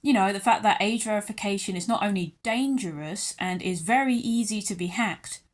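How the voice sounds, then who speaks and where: A young woman with a British accent vents to her viewers in an angry, sarcastic rant. Her pitch sits in the middle but swings up high and drops low as she talks. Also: moderate pace. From United Kingdom. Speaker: YouTuber. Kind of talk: ranting vlog commentary.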